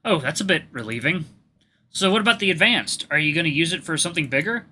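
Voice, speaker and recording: Desperate young hero, man reading, urgent, bright, high and pushed. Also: lively intonation, fast, husky, full character voice. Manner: urgent, shouting pleas. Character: anxious young male hero, desperate and tearful.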